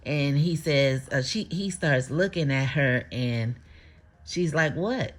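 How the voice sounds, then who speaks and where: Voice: mid-range voice, slow pace. A speaker casually recapping a TV episode, retelling scenes by quoting the characters, chuckling often and adding blunt opinions. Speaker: TV show recapper.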